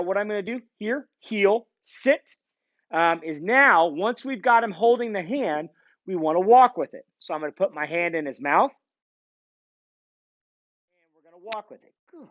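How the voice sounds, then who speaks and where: A man teaching dog training in a casual, relaxed way with fillers, praising the dog as he goes, recorded outdoors on a camera mic. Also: sits high, no room sound, lo-fi sound. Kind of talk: casual instructional demonstration. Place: outdoors, near a field.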